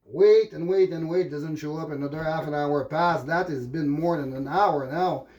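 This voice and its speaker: A middle-aged man with a French Canadian accent tells a personal story in a loose, rambling monologue. His voice sits a little higher than most men's. He starts over often and fills his pauses with "uh". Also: dull audio. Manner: rambling, animated, frequent fillers and restarts. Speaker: vlogger telling a personal story.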